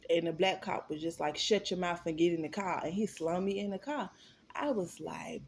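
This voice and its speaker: Candid young woman with a gravelly voice. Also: on the low side, steady tone, brisk, a little mellow. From Florida. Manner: candid, profane, addresses viewers as y'all. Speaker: storyteller. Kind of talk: casual storytime vlog.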